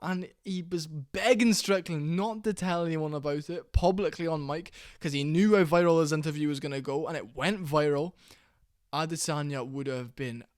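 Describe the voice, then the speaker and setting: A man giving casual, excitable to-camera commentary, blunt and full of exclamations. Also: on the high side, moderate pace, no echo, studio quality. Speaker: MMA commentary YouTuber.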